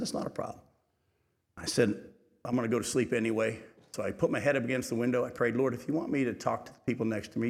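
A middle-aged male preacher telling a lively, humorous story from the pulpit, often laughing as he goes. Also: medium pitch, vocal fry. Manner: animated storytelling, laughing at his own story. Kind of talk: sermon storytelling.

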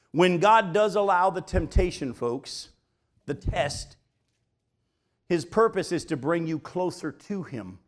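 A middle-aged male pastor preaching a sermon, emphatic and speaking directly to the congregation, slowing down to stress key points. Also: medium pitch.

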